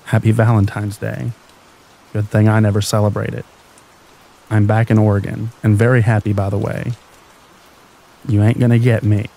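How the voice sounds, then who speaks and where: Man, scary story narrator, calm bedtime reading, steady monotone delivery. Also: fairly low pitch, vocal fry, rough recording. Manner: slow, even, soothing bedtime reading.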